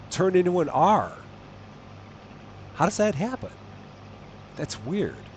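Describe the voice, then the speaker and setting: Chatty, lively man streaming. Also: mid-range voice, slow pace, pauses often, a little hiss or hum. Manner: chatty, amused, laughs often. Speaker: game streamer reading chat. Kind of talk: casual live-stream chat.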